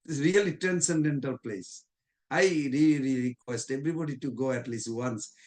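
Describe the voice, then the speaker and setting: A man's voice: mid-range voice, moderate pace, darkish tone. A man giving a devotional class, telling anecdotes in informal, non-native English and chuckling often. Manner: storytelling with frequent chuckles.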